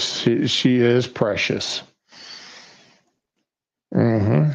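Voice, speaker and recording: A man's voice: mid-range voice, animated, slow pace, a little mellow, muffled recording. A man hosting a livestream show, chatting casually about politics in a folksy way and asking and answering his own questions.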